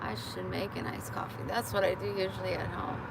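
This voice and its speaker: A woman's voice: mid-range voice, flat delivery, brisk, gravelly, very noisy. A woman vlogger live-streaming casually from her car, chatty and thankful to viewers.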